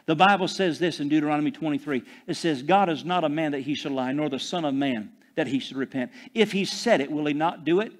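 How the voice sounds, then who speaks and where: A man preaching a sermon, swinging between loud proclamations and hushed, drawn-out phrases, calling out to the congregation for responses. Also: fairly high pitch. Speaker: pastor.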